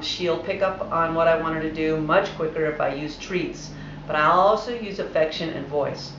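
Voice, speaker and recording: A woman dog trainer calmly explaining, step by step, how to train a dog. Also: on the low side, slight background noise. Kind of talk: instructional voice-over. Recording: roomy, dull lo-fi home video audio.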